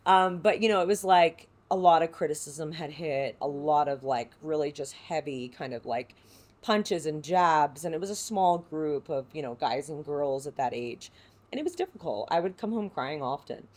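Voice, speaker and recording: An actress from San Diego speaking as a podcast guest, reflective and heartfelt, with many filler words. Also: female voice, sits low, animated, moderate pace, a little mellow. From San Diego, United States. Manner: reflective, heartfelt, full of "you know" fillers. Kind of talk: podcast interview.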